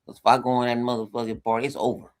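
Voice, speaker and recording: A man's voice: medium pitch, little pitch movement, very fast. A man on a podcast in casual chat, talking in a laid-back, mumbling way and swearing freely.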